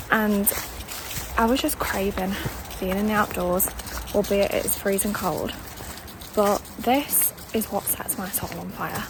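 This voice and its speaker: A woman in her late twenties chatting as a vlogger on a cold outdoor walk, bubbly, and a little out of breath from the climb. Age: late 20s. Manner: chatty and bubbly, high sing-song baby talk to her dog. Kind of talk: casual vlog chat. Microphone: phone held while walking. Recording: outdoor phone audio with clear background noise.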